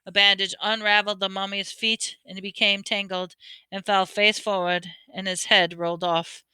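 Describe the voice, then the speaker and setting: Bright, crisp woman reading a novel aloud. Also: medium pitch, level tone, normal speed, no room sound. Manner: stumbles and corrects words while reading. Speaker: audiobook reader.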